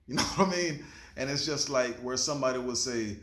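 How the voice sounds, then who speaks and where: Host, male, mid-pitched, casual slangy pep talk full of cursing, roomy echo. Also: fairly quick, a bit bright. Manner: laid-back, slangy, swears freely, preachy. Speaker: show host. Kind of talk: motivational talk to camera.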